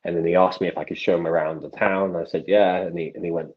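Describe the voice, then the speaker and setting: A young man, a magician telling stories from his life as a podcast guest, with animated delivery and frequent restarts. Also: low-pitched, fast talker. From England. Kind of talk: casual podcast storytelling. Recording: dull lo-fi sound.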